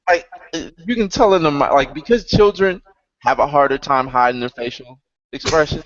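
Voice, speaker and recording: A man's voice: medium pitch, no echo, highs cut off. A man co-hosting a casual podcast chat, riffing sarcastically and swearing freely. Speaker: podcast co-host.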